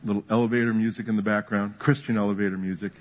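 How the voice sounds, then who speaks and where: A pastor with a husky, slightly rough voice delivers a casual, story-driven sermon, acting out little scenes and quoting people along the way. The recording is dull and lo-fi, like a church sermon audio file. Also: male voice, on the low side, rapid-fire. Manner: storytelling with humor, builds to animated emphasis. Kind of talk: conversational sermon.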